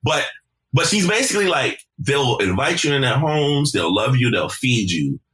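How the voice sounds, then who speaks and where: A man guesting on a podcast, telling stories in a casual, animated, profane way and repeating words as he starts his sentences. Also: medium pitch, normal speed. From South Carolina. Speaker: podcast guest, deejay and emcee. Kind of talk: casual conversational storytelling.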